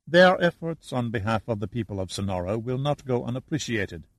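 A slick official, as a male narrator plays him, calm and impervious in every reply. His level is kept even. The recording is dry and close. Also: mid-range voice, a little fast, no echo. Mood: evasive. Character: smooth, evasive male government official.

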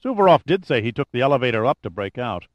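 A man's voice: medium pitch, sing-song, fast, no echo, lo-fi sound, lightly acted. A man doing a wry, joking sidekick.

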